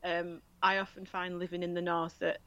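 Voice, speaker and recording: A woman's voice: fairly low pitch, moderate pace, lo-fi sound, noisy background. A woman from southern England chatting casually as podcast co-host, laughing and acting out little quotes. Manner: laughing, animated quoting of others. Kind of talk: casual chat.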